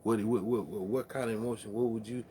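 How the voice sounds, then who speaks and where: A man's voice: on the low side, steady tone, fast talker, warm tone, slight background noise. A man hosting a late-night music stream, rambling in profane, laughing, casual chat between songs.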